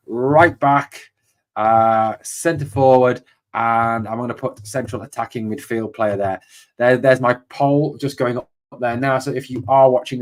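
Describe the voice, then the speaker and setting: Hesitant, opinionated man hosting a live Q&A. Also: mid-range voice. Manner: hesitant, many fillers and restarts, opinionated. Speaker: host of a fan channel live Q&A. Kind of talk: casual live-stream chat, answering viewer questions.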